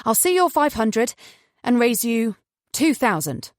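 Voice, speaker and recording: A man's voice: very high voice, big pitch swings, unhurried, no echo, studio quality, pitched above the performer's own voice, exaggerated voice. A woman voicing a terse, stony male poker player with clipped answers. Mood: curt. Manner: clipped and curt. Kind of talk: audiobook character voice.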